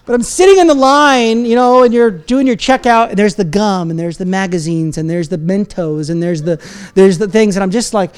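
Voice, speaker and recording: A man's voice: sits high, fairly quick, smooth. A man preaching a sermon as pastor, talking in a conversational, self-deprecating way with asides and laughs.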